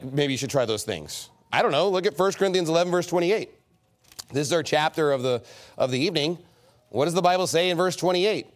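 Male pastor, high voice with wide swings, sermon delivery, mocking edge. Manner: animated, mocking, emphatic preaching.

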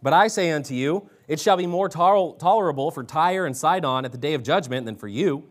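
A man's voice: on the high side, fairly quick. Man preaching a fervent sermon. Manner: preachy, reads scripture aloud. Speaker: pastor.

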